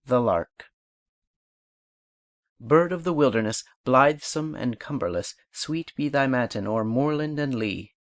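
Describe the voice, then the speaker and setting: A man reading an audiobook aloud, reciting verse and instructions in a measured, unhurried way. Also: medium pitch, animated, no room sound, studio quality. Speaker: audiobook reader. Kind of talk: scripted audiobook narration.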